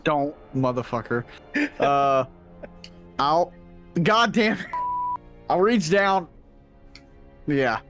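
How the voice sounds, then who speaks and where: A man's voice: a little high, lively intonation, extremely slow, pauses often, fairly bright tone, faint music behind. A man playing a tabletop game, cracking jokes and swearing in frustration at his own mistakes. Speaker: player. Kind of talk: casual tabletop play.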